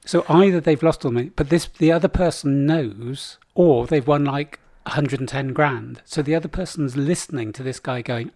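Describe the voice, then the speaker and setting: A man's voice: on the high side, normal speed, few pauses, darkish tone, no room sound, clean studio sound. A man in his sixties, co-hosting a podcast in casual chat, rambling through a story and acting out the people in it. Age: 60s. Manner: rambling storyteller acting out game-show contestants in put-on voices. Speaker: podcast co-host.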